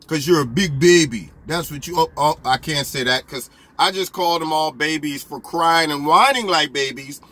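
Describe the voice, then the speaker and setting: A man giving opinionated political commentary in an animated, argumentative way, full of rhetorical questions. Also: on the high side, normal speed, slight background noise.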